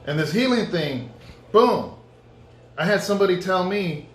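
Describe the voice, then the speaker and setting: A man, a pastor, giving a conversational sermon testimony and acting out his own dialogue in lively storytelling. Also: high voice, unhurried, a little hiss or hum. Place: church. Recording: echoey room.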